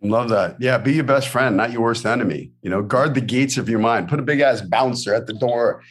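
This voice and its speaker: A man's voice: mid-range voice, brisk, breathy edge. A man hosting a casual podcast interview. He talks in an upbeat, encouraging, coach-like way, full of motivational advice. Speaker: podcast host.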